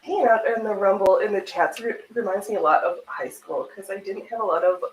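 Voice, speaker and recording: A woman's voice: medium pitch, brisk, dull audio, slight background noise. A woman hosting a livestream, chatting casually and laughing often as she sews and answers her chat. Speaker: livestream host. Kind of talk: casual chat while sewing on stream. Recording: echoey room with faint ambience.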